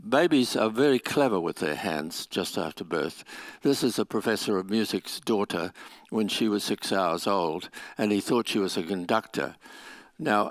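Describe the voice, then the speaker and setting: A man's voice: on the low side, creaky, dry recording. A man giving an academic conference lecture, explaining step by step with restarts and small laughs. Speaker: conference speaker. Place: lecture venue.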